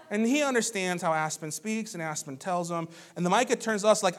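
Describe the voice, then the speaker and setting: Man, pastor, sermon, high-pitched, conversational, lively storyteller. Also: brisk, few pauses.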